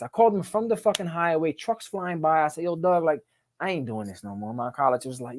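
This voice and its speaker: Fast-talking man, emphatic and profane. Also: a little high. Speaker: podcast guest. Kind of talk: casual storytelling.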